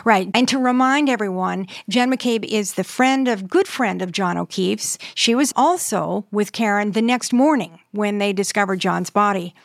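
A woman's voice: mid-range voice, moderate pace, vocal fry, hardly any pauses, no echo. Woman news podcast co-host, recaps carefully, dry studio mic. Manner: explanatory, recapping events.

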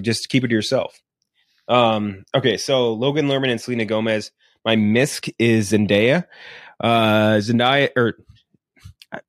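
A man's voice: dry recording, studio quality. A man co-hosting a podcast, chatting casually and swearing as he rambles through a film idea. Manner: rambling, profane, pitches a film plot. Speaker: podcast co-host. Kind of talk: casual chat.

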